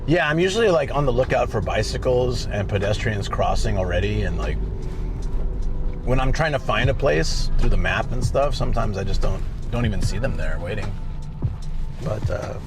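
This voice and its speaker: A man's voice: fairly low pitch, animated, moderate pace, music in the background. A man hosting a live stream, chatting casually and answering viewers as he goes, by a car at a parking lot.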